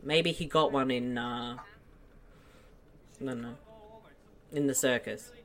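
A woman's voice: extremely low pitch, steady tone, slow, a bit bright. A woman co-hosting a podcast who laughs often and makes crude, playful jokes while watching a movie. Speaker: podcast co-host.

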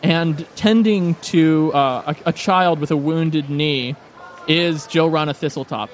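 A man narrating as game master in a tabletop game, relaxed and quick to laugh. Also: on the high side, slight background noise.

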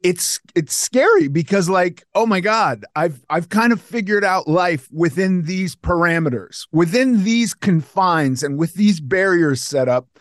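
A man's voice: high voice, expressive, unhurried, few pauses, no room sound, clean studio sound. A man hosting a podcast, chatting candidly and conversationally, restarting his sentences often. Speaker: podcast host. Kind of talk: casual chat.

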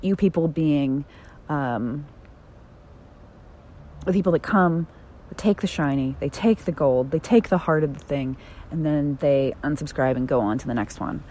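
A woman hosting her own podcast, talking candidly and bluntly, swearing freely and swinging between soft, tender phrasing and emphatic outbursts. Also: low-pitched, a little slow, long pauses, a little hiss or hum. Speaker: podcast host. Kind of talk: candid solo podcast monologue.

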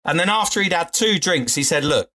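A man's voice: on the high side, lively intonation, a little fast, bright, forceful tone. An English comedian telling pub anecdotes in casual chat, laughing and swearing, putting on the voices of people in his stories. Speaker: comedian guest. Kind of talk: casual storytelling.

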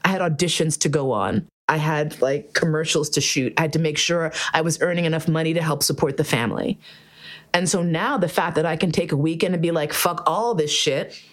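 A woman in casual podcast chat, telling a story in a lively way and swearing often. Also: deep voice, brisk. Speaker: podcast host.

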